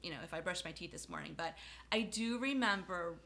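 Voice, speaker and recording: A woman's voice: lowish voice, brisk, creaky, bright, forceful tone. A woman from South Florida co-hosting a podcast in casual chat, playful and self-mocking, laughing often. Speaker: podcast co-host.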